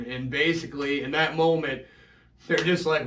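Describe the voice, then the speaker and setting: Man, personal confessional monologue, halting delivery, echoey room, distant mic. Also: fairly high pitch, fairly even intonation, a bit bright. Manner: halting, emotional, many restarts and fillers. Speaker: vlogger telling his own story.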